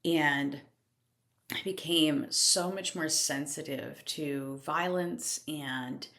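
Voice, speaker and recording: Woman podcast host, deep and unhurried, casual confessional storytelling. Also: creaky, fairly bright tone. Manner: candid, casual, laughs often, swears lightly. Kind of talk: reflective personal storytelling monologue.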